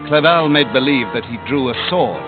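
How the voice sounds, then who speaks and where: A man narrating a storybook on cassette, dramatic, sinking to a hush at the quiet moments. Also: medium pitch, moderate pace. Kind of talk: cassette audiobook reading. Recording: tinny lo-fi cassette with music.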